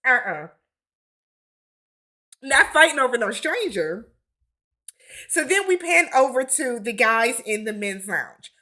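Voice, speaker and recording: A woman's voice: a little high, big pitch swings, slow, long pauses, pushed and bright. A woman giving a casual recap of a reality TV episode, with sassy, blunt commentary and slangy asides.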